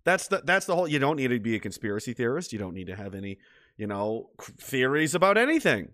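Man host, from Nova Scotia; loose, profane comment-reading chat, animated pitch. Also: quick pace. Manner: profane, rambling, laughs often.

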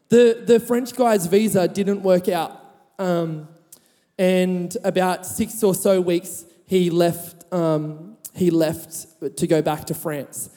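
A high, warm-toned man preaches to his congregation in a chatty, storytelling way. His voice carries a long reverb from a large church hall. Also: fairly even intonation, takes it slowly. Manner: chatty, laughing, rising to emphatic. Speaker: pastor. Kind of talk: sermon with storytelling.

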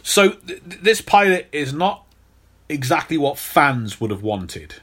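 A man's voice: fairly high pitch, big pitch swings, unhurried, a bit bright, slightly rough. Male podcast host, casual storyteller, loose delivery with plenty of restarts. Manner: storytelling, repeats words when restarting.

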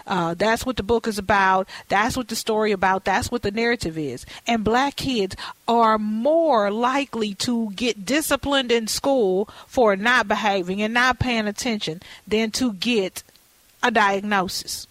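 A woman hosting a talk show, chatting in a lively, candid way with folksy asides. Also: medium pitch, measured pace, no echo, poor audio. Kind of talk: casual talk show chat.

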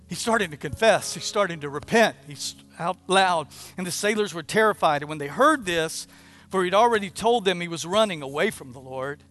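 A man preaching a sermon, retelling a story with lively, acted-out quoted prayers. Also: high-pitched, moderate pace, faint music behind. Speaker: pastor.

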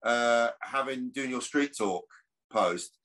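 A man's voice: mid-range voice, slow, fairly bright tone. A man, an actor chatting as a podcast guest, rambling with restarts. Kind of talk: casual podcast chat.

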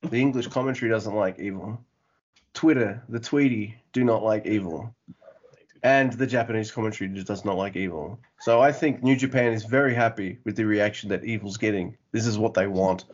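A man's voice: on the low side, fairly quick. A man chatting casually on a podcast, wandering through his thoughts with plenty of swearing and restarts. The audio is a little dull and lo-fi. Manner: rambling, profane, frequent restarts. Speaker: podcast co-host.

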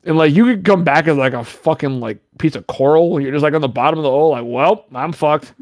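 Guy hosting a podcast, kinda high voice, rambly and sweary, dry close mic. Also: quick pace, no room sound. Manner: rambling, swears a lot, jokey asides. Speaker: podcast host. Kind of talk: casual podcast banter.

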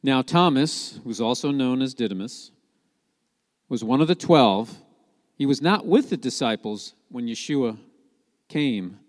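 Male preacher, mid-pitched voice, lively storyteller, recorded in a hall with long reverb. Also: a little slow. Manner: lively storytelling with rhetorical questions. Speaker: Messianic preacher. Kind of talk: sermon.

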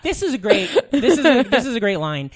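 A man co-hosting a podcast, joking crudely and teasing his guest with loud bursts of laughter. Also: very high-pitched, very animated, fairly quick. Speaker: podcast co-host. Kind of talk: casual comedy chat.

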